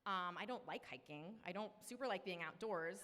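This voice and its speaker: A woman's voice: on the low side, normal speed, sharp tone, slight background noise. Chatty woman in her 30s telling a story live, lots of likes, echoey hall. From Maine. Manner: chatty, self-deprecating, lots of "like" fillers. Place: live event venue.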